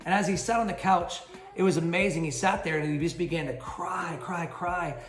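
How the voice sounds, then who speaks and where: A man giving a midweek devotional as pastor, energetic and punchy, with rhyming catchphrases. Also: sits high, moderate pace. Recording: roomy sound with faint music underneath.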